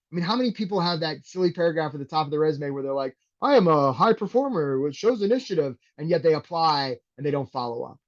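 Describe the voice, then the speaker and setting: Brief: energetic male career coach running a webinar, slightly raised voice, lo-fi sound. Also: a little high. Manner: energetic, conversational, keeps asking "right?". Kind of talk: live webinar teaching.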